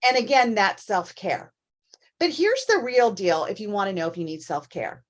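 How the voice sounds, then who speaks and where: A woman co-hosting a casual talk show, telling personal stories in an animated, candid way. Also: medium pitch, normal speed. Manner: animated storyteller, acts out quoted voices. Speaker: co-host. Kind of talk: casual chat.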